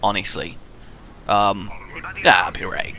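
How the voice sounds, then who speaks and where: A man giving live gameplay commentary with excitable, swearing trash talk. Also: on the low side, measured pace, a little hiss or hum. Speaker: gaming video host.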